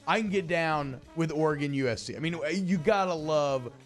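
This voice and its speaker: A man hosting sports talk radio, chatty and energetic, with loose casual banter. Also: a little high, normal speed, soft background music.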